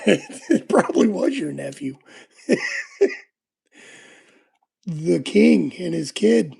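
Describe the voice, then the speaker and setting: A man with a high, gravelly, darkish voice and a breathy edge talks extremely slowly and very animatedly, pausing often. He's hosting a casual livestream, chatting with viewers while picking locks. His storytelling is rambling and laid-back, packed with fillers.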